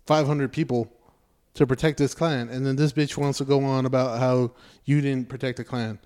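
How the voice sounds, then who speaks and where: A man with a mellow, warm tone retells a movie in casual podcast chat. He is animated and profane. He acts out the characters' lines with a sarcastic edge. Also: medium pitch, a little fast. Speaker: podcast co-host reviewing a movie.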